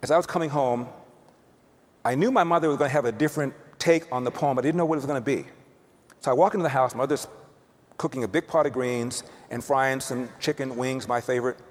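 Man, storytelling speech, emphatic, repeats words, mid pitch, long hall reverb. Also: fast talker. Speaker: speaker telling a personal story.

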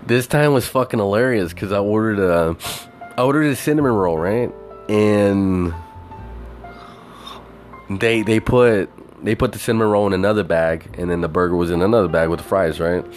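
A man with a fairly low voice tells a story as a loose, expletive-heavy rant. He keeps throwing in "like" and "you know" as he goes. Faint music plays behind him. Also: moderate pace. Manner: animated, heavy swearing, many fillers.

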